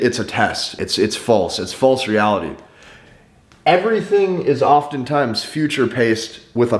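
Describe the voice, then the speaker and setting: A man's voice: mid-range voice, roomy sound. A man giving dating advice straight to the camera, emphatic, repeating his key points and often restarting sentences. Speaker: dating coach. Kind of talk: direct-to-camera advice monologue.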